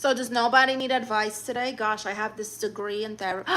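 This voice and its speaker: A woman's voice: fairly high pitch, fairly even intonation, quick pace, fairly bright tone. A woman hosting a casual livestream, reading out viewer comments in a playful way with sudden gasps and squeals. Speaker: livestream host.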